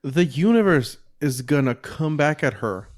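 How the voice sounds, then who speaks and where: A laid-back man co-hosting a casual podcast mostly listens and answers with short reactions. His pitch is a little high and moves a lot. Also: expressive, measured pace. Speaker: podcast co-host.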